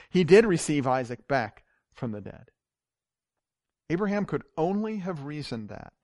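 A male pastor preaching a sermon and leading a closing prayer, earnest, swelling loud on key words and dropping soft. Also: on the high side, dry recording, studio quality.

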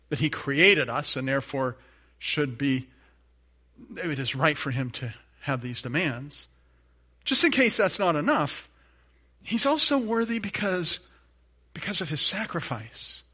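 A man's voice: a little high, bright, forceful tone, husky. A man preaching a sermon as pastor, emphatic, building on repeated phrases, with light humorous asides to his congregation.

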